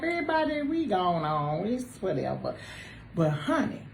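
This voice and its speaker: A woman on a talk show panel chatting casually with friends, animated and teasing, jumping between loud exclamations and low asides. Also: moderate pace. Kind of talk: casual group chat. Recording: roomy echo with faint noise.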